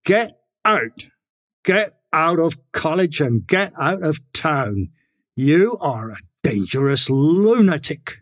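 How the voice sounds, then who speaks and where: A man reading aloud and voicing a stern middle-aged college registrar, stiffly formal and prone to shouting. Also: fairly high pitch, expressive, unhurried, pitched above the performer's own voice. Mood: furious. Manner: stiffly polite, then shouting.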